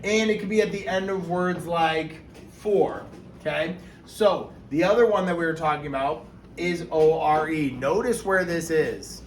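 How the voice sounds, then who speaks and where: A man's voice: fairly high pitch, unhurried. Man teaching phonics in an echoey room. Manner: patient, explains step by step, sounds words out. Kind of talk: phonics lesson for young children. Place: classroom. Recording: echoey room with faint noise.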